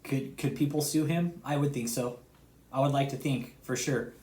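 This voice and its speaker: A man in the middle of a heated, swear-heavy rant. His voice sits at an ordinary middle pitch. He lurches from loud outbursts to low, muttered sarcasm and keeps repeating himself. The sound is roomy and echoey. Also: steady tone, moderate pace. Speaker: online commentator. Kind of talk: heated profane rant to subscribers. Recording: roomy echo.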